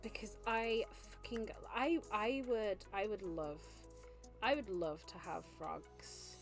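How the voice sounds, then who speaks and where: A woman's voice: medium pitch, slow pace. A woman chatting casually on a live stream, gushing and laughing often. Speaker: vtuber streamer. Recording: faint background music.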